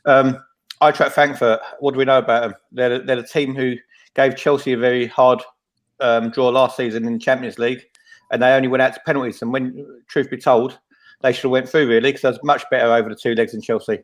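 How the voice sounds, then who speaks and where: A man's voice: mid-range voice, flat delivery, a little fast. Laid-back man hosting a fan podcast. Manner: laid-back, self-mocking, full of ums. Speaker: podcast host. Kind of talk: casual football fan chat.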